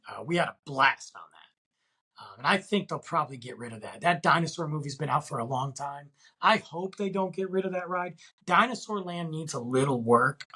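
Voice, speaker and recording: Husky man rambling through a podcast story. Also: medium pitch, fairly bright tone, low-quality recording. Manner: rambling storytelling with many fillers. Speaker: podcast host. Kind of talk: casual solo podcast chat.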